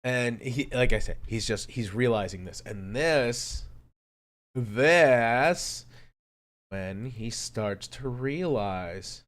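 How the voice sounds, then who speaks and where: A man's voice: mid-range voice, takes it slowly. Rambling, cursing male streamer. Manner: rambling, profane, animated swings in loudness. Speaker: streamer reacting to music. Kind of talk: casual chat.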